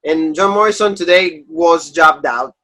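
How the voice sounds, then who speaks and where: Guy rambling on a wrestling podcast, kinda high voice, tons of "like"s. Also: unhurried, sharp tone. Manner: rambling, many "like" and "you know" fillers. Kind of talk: casual chat.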